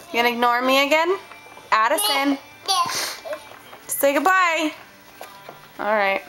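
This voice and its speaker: High, sing-song mother cooing at a baby. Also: animated, takes it slowly, pauses often, background noise. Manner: sing-song, coaxing, cheering. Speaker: parent playing with her baby. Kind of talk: home video baby talk.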